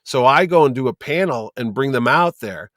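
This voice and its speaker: A middle-aged man, a convention producer, telling lively anecdotes as a guest and acting out the people he quotes. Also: medium pitch, normal speed, dry recording, studio quality. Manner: lively storyteller who acts out quoted people. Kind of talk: casual podcast chat, anecdotes.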